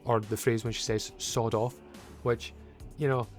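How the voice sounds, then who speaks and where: Young man, casual game review, rambling and opinionated, mid pitch, faint music bed. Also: little pitch movement, normal speed.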